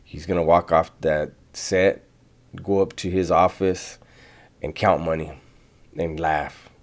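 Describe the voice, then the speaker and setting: A man on the panel mocking the host and weighing in with animated, opinionated commentary. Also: deep voice, slow pace.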